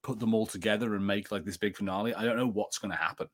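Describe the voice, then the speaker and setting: A man co-hosting a podcast in casual chat, easygoing and quick to laugh. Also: lowish voice, steady tone. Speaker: podcast co-host.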